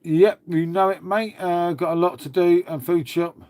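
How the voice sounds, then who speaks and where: A man's voice: high voice, steady tone, moderate pace, a little mellow. A man hosting a casual livestream, chatting to viewers and swearing freely as he talks to his dog. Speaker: livestream host. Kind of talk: casual live chat with viewers.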